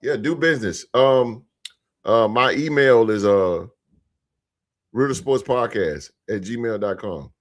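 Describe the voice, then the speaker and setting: A man hosting a sports podcast live, chatting casually with his live chat in a relaxed, repetitive way, speaking. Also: mid-range voice, slow. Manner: laid-back, repeats phrases, shouts out chat members.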